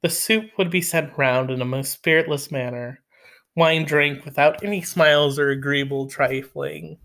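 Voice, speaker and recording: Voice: medium pitch, fairly even intonation, normal speed, fairly bright tone. A reader narrating a classic novel aloud and breaking off for sardonic, casual jokes. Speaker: audiobook reader. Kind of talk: reading a classic novel with joking asides.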